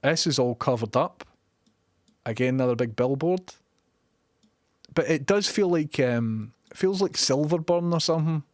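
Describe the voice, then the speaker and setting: A man's voice: fairly high pitch, animated, normal speed, long pauses, dry recording. A Glaswegian man chatting casually on a live stream, sweary and opinionated as he reads chat messages. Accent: Scottish, Glaswegian. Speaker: livestreamer.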